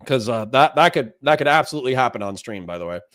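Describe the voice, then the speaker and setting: A man's voice: medium pitch, lively intonation, fast, fairly bright tone, no echo, studio quality. A man commenting on a clip during a live stream, reading chat messages aloud and reacting with exasperation.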